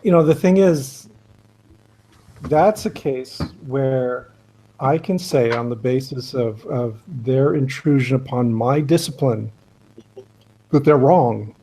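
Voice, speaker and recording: Mellow-voiced man on a video call. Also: medium pitch, slow pace, slight background noise. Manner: emphatic, critical. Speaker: blogger and biologist.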